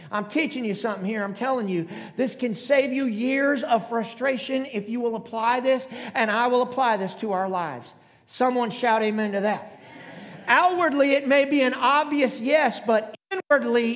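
High-voiced emphatic preacher man. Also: fairly bright tone. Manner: emphatic, calls out to the congregation. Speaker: pastor. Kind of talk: sermon. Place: church auditorium. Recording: long hall reverb.

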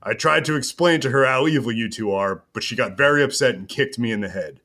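A man's voice: mid-range voice, a little fast, sharp tone. A proud young man, voiced by a man speaks in stiff, formal sentences. He sounds solemn and bitter and stays close to the performer's own tone.

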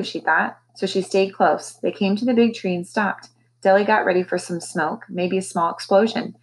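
A woman teacher reading a novel aloud to her class, with expressive, animated storytelling. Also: lowish voice, slight background noise, poor audio.

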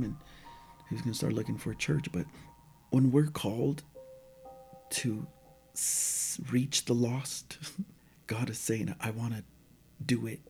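Animated man retelling a faith story. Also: mid-range voice. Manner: animated retelling, quoting dialogue, drops to near-whisper at times. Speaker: guest telling a testimony. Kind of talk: casual storytelling chat.

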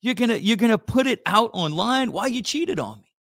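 A man's voice: high voice, lively intonation, fairly quick, a bit bright, no echo, pitched above the performer's own voice, heavily acted. A man playing a jilted ex-boyfriend who pleads and keeps apologizing. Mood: pleading. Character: panicked jilted man pleading over his recipe.

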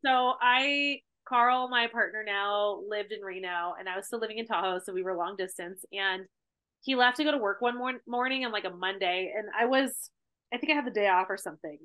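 A woman guest in a casual podcast chat, telling a story in an animated way with many fillers like "like". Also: medium pitch, fairly quick. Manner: animated storytelling, heavy use of "like".

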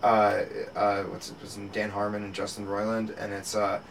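A man's voice: fairly low pitch, monotone, moderate pace. A man in casual podcast chat, rambling with many restarts and frequent laughter. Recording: distant mic with faint background noise.

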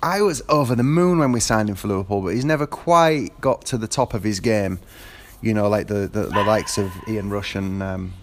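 Rambling man, lowish voice. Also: moderate pace, hardly any pauses, slight background noise. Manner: rambling, with frequent fillers and restarts. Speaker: football fan. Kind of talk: casual monologue.

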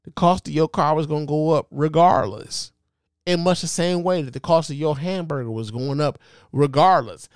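A man's voice: a little high, no echo. A man hosting his own podcast, giving impassioned, profane solo commentary with lots of repetition and emphasis into a close mic. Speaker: podcast host.

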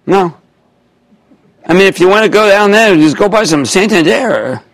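A man in his sixties hosting a stock market call-in show on TV, talking emphatically with jokes and rapid asides. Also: sits high. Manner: emphatic, excitable, jokey, riffing. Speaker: host. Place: TV studio.

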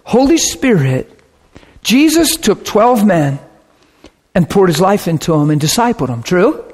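A man preaching a sermon in an earnest way, building to excited, emphatic peaks. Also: sits high, a little slow, husky, big-room sound. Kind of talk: sermon teaching.

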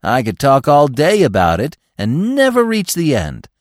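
A cheerful young buck brags in a lively, swinging voice, as a male narrator plays him. The storybook character sounds pleased with himself. His voice sits low and close in a dry recording. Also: measured pace, no echo. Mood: boastful. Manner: boastful, lively.

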